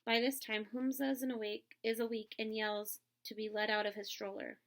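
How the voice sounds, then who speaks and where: Teacher reading a chapter aloud, steady narration, fairly high pitch with some vocal fry. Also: female voice, normal speed. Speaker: elementary school teacher.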